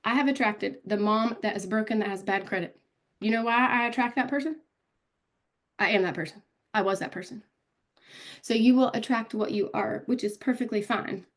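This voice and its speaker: A woman's voice: fairly high pitch, moderate pace. A woman giving a casual live online training on social media, talking directly to viewers and calling them out by name. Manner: chatty, calls out viewers by name.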